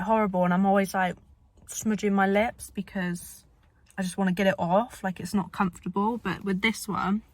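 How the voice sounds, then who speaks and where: A woman's voice: medium pitch, no echo. Chatty woman vlogging in a car. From England. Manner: chatty, says "like" often, dry self-mocking asides. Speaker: beauty student reviewing lipstick. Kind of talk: casual vlog chat. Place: inside a parked car.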